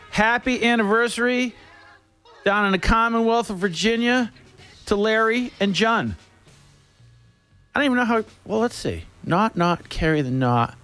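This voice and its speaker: A man on the radio, telling a rambling funny story in a casual chat style, joking and laughing as he goes. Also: sits high. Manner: animated, laughing, jokey storyteller.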